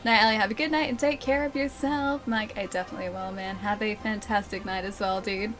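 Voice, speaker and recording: A woman's voice: mid-range voice, fairly even intonation, fairly quick, fairly bright tone, soft background music. A young woman livestreaming a game, chatting casually and giggling as she reads her chat aloud. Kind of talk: casual live-stream chat.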